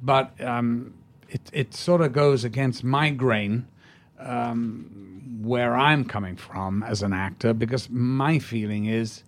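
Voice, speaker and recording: An older man, an actor being interviewed, telling stories in a rambling, halting way with many restarts. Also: medium pitch, fairly even intonation. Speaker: actor, guest. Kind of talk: anecdotal storytelling in an interview.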